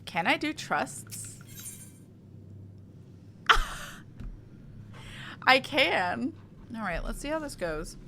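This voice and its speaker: Playful, bright-voiced woman gaming streamer. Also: sits high, big pitch swings, drawn-out words, long pauses, slight background noise. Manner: playful, laughs often. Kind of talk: casual gameplay commentary. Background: faint game music.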